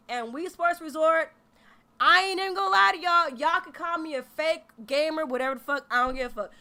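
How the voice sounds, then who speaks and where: Animated high-voiced woman streamer. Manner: animated, profane, emphatic, slangy. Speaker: gaming streamer. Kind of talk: casual livestream reaction.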